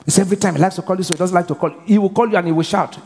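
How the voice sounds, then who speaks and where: A male pastor with a high, darkish, slightly rough voice preaches a sermon at a rapid-fire pace, his words ringing through the long reverb of a large church hall. He uses call-and-response, leaving questions hanging and asking the congregation to finish his sentences.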